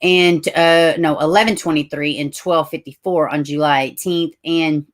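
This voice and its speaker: Deep-voiced middle-aged Southern woman from Tennessee, hosts a casual stream, chatty, corrects herself often. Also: steady tone, moderate pace. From Tennessee, USA. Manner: chatty, frequent asides and self-corrections. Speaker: livestream host. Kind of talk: casual livestream talk, reading news aloud.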